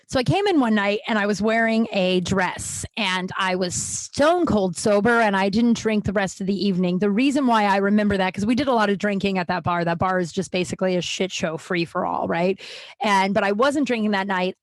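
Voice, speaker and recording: A woman in her thirties talks candidly on her own podcast, blunt and frank, swearing without hesitation and restarting her sentences often. Her voice sits at a middle pitch. The sound is dry and close, from a small room at home. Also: dry recording. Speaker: podcast host. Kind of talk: candid personal storytelling.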